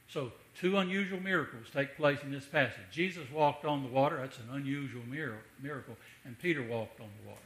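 A man's voice: medium pitch, a little fast, hardly any pauses, fairly bright tone, echoey room, poor audio. A man preaching a sermon in a conversational way, with rhetorical asides to the congregation.

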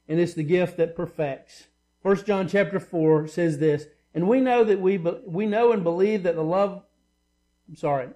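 Male pastor, higher-pitched, emphatic sermon delivery with conversational asides. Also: dark tone. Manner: emphatic, repetitive preaching with asides.

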